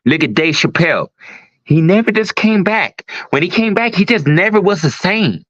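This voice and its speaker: A man's voice: high-pitched, animated, moderate pace, a bit bright, no room sound. A man hosting a livestream talk show, ranting emphatically with a lot of profanity. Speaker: host. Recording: dull lo-fi stream audio.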